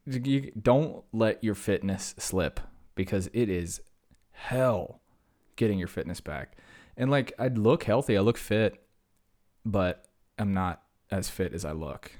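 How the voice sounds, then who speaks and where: A man in his thirties with a very low voice hosts a solo podcast. He rambles and mocks himself, and he sounds a little wheezy after a workout. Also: animated, takes it slowly, a little mellow. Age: 30s. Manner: rambling, self-mocking, talks to himself. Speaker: podcast host. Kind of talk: casual solo podcast monologue.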